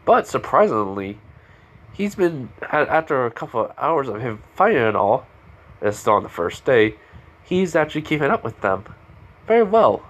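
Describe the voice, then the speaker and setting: A man's voice: medium pitch, sing-song, normal speed. A man casually improvising a fan story, rambling with lots of fillers and restarts.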